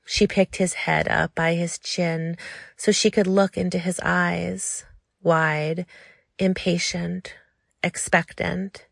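A woman narrating a story in a slow, lingering, intimate way. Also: on the low side, little pitch movement, vocal fry, dry recording, clean studio sound.

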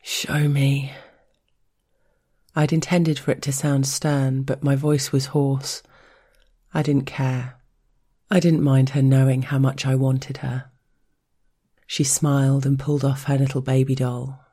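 A woman narrating an intimate audio story in a soft, unhurried, partly whispered delivery. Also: a bass voice, little pitch movement, husky.

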